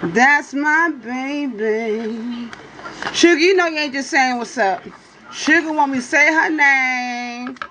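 Brief: high-pitched woman hosting a chatty livestream, playful and teasing, with a faint hum behind her. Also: moderate pace, bright, forceful tone. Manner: playful, teasing, keeps asking "you hear me?"; drawling, swoops into high exclamations. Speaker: livestream host reading for viewers. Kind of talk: casual livestream chat with viewers.

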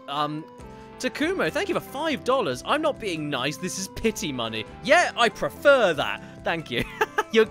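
Animated joking game streamer man. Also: high-pitched. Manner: joking, self-deprecating, reads out donations. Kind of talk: live game stream commentary.

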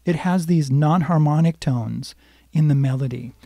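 A man's voice: a little high, moderate pace, vocal fry, warm tone, no room sound, clean studio sound. A man teaching a live-streamed guitar lesson, explaining music theory patiently and singing bits of the melody. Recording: guitar playing behind voice.

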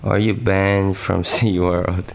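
A man's voice: low-pitched, flat delivery, slow, creaky, slight background noise. A man chatting casually as an interview guest, laid-back and slangy, cursing freely. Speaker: guest musician.

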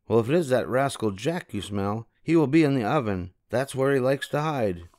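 A man's voice: mid-range voice, expressive, moderate pace, darkish tone, dry recording, voice pushed up, close to an everyday voice. A big, fussy giant's wife scolds in a lilting, reproachful way, put on by an old man reading aloud. Her voice sits well above his own and swoops up and down. The storybook sound is close and dry. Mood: teasing. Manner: chiding, sing-song.

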